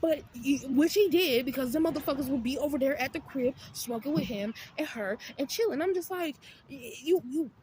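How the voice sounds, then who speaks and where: A woman with a high voice rants through a casual storytime. She is blunt and profane and animated, and her voice rises when she acts out what she said back. Faint noise sits under her voice outdoors. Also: brisk. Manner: acts out her own retorts in a raised voice. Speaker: vlogger.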